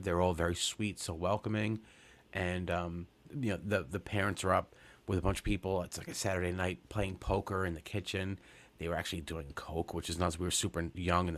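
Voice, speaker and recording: A man in his forties from Long Island, telling a rambling, profane story on a comedy podcast, full of fillers and restarts. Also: sits low. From Long Island, New York. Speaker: podcast co-host.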